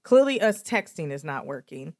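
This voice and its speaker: A young adult woman hosts a podcast, telling a personal story in a candid, animated way. She jumps up in pitch when she acts out quoted lines. Her voice sits a bit low, and the close mic sounds dry. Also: moderate pace, no echo. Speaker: podcast host.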